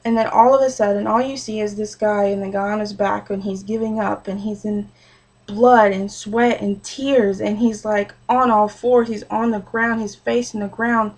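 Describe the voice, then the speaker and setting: Young woman, gravelly edge, personal-story sermon, earnest and chatty. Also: mid-range voice, steady tone, moderate pace, low-quality recording. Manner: earnest, conversational with frequent fillers. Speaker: speaker giving a short sermon.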